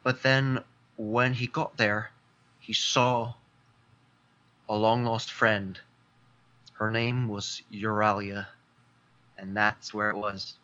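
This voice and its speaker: Man player, slow halting storyteller, bright voice, muffled lo-fi mic. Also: on the low side, level tone. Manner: unhurried, halting, with many fillers. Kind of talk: in-character description in a tabletop game. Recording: dull lo-fi mic.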